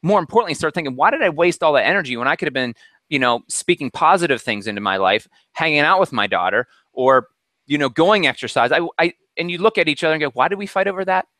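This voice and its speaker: A man giving a motivational talk over a video call, energetic and preachy, with many fillers. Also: on the high side, quick pace, no room sound. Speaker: presenter.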